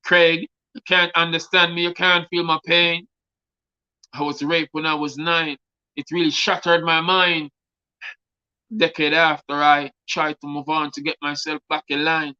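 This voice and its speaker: A wounded young woman spits out her anger at men in tense, forceful lines, as a man recites her in a poem. The voice holds fairly flat in pitch and sits on the higher side for a man. The sound is dull and lo-fi, like a stream recording. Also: no echo. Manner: recited as spoken-word poetry. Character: young woman, abused, bitter toward men.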